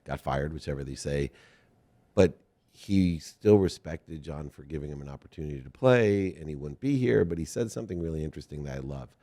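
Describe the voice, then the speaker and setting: Middle-aged male host, very low and mellow, rambling, self-deprecating, quick to laugh. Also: lively intonation. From Ohio. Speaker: interview host. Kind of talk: casual interview conversation.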